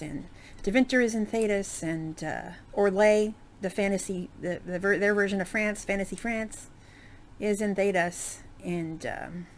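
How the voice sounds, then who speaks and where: A woman's voice: on the low side, a little hiss or hum. A woman giving casual let's-play commentary, chatty and rambling, with many fillers and asides. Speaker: game streamer.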